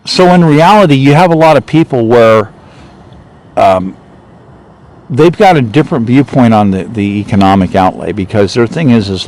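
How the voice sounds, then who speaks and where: A man's voice: on the low side, animated, moderate pace, darkish tone, rough recording. A man speaking as a political candidate in a rambling, off-the-cuff monologue, repeating himself and growing indignant.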